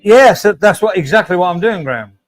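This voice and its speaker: A man's voice: high voice, animated, fairly quick, dry recording, faint music behind, low-quality recording. A middle-aged man hosting a casual livestream, reading out chat and joking with viewers by name. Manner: chatty, jokey, addresses viewers by name.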